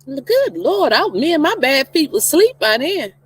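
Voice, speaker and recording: A woman's voice: high-pitched, sing-song, normal speed, dry recording. A female co-host in casual chat, sassy and teasing, laughing often.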